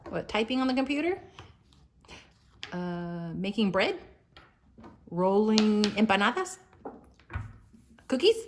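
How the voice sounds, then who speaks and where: A woman's voice: a little high, a little hiss or hum. A young mother encouraging her toddlers at the table at home, cheerful and sing-song, sometimes dropping to a whisper. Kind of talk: casual home video with children.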